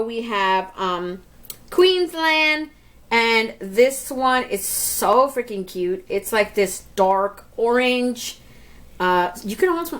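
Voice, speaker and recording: A chatty woman with a fairly high voice walks through a makeup review as a beauty vlogger. She keeps turning to her viewers in a casual way and laughs easily at herself. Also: a bit bright. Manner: chatty, keeps talking to viewers as "you guys".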